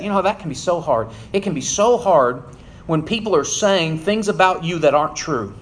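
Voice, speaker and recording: A man preaching a sermon, reading scripture and then explaining it earnestly and emphatically, often dropping low at the ends of phrases. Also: lively intonation, normal speed, slight background noise.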